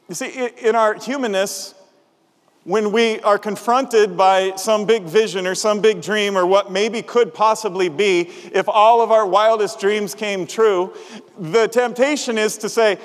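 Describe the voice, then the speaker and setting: A male pastor with a high voice preaches casually, with humour and questions put to his listeners. His words ring out with the long reverb of a large hall. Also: unhurried. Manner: conversational, humorous, asks the congregation questions. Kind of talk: sermon.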